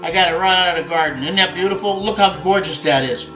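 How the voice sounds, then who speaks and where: Faint guitar plays in an echoey room as a man hosts a home cooking show, joking folksily and tossing out Italian words. He speaks fast in a high voice.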